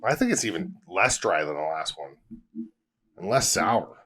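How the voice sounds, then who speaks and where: Lively husky guy. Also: sits low, normal speed. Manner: playful, swears freely, animated. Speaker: podcast co-host. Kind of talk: casual chat while tasting wine.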